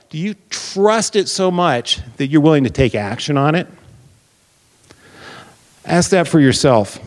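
A man preaching a Bible teaching sermon, explaining deliberately and posing questions to his listeners. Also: on the high side, a little mellow. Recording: long reverb of a large hall.

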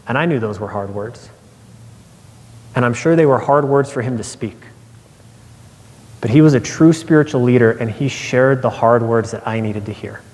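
A man in his thirties preaching a sermon, telling a personal story and acting out quoted voices, dropping low for emphasis. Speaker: pastor. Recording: long hall reverb.

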